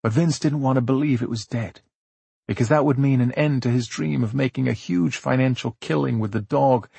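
A man reads a novel aloud in a measured, steady way. His voice is gravelly and a little husky, and it sits close and dry with no room sound around it. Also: medium pitch, no room sound. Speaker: audiobook narrator. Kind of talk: scripted audiobook narration.

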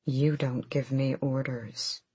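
Woman doing a hard, stubborn male fighter for an audiobook: dropped low, breathy, terse. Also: little pitch movement, slow pace, darkish tone, dry recording, exaggerated voice.

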